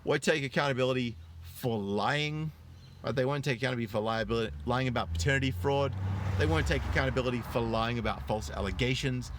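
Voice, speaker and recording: Animated Australian man streaming live. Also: fast talker, noisy background. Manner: animated storyteller, swears freely, voice rises high when excited. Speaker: online show host. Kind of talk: live-stream commentary, reading chat.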